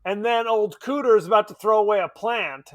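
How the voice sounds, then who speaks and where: A man co-hosting a podcast in casual chat, animated, laughing often and swearing casually. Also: high voice, a little fast. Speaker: podcast co-host. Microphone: remote podcast mic.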